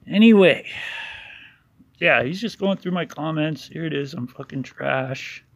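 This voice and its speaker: A man rants over a video in an angry, sarcastic commentary, swearing nearly every line. His voice sits a touch high and has a rough, gravelly edge. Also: unhurried, dry recording. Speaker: YouTuber narrating over a video. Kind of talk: profane ranting voice-over commentary.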